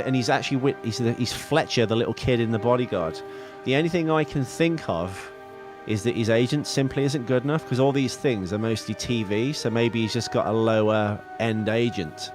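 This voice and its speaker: A man co-hosting a podcast, chatting casually about films, rambling and correcting himself with jokes. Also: mid-range voice. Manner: rambling, self-correcting, jokey. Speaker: podcast co-host. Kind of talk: casual film chat.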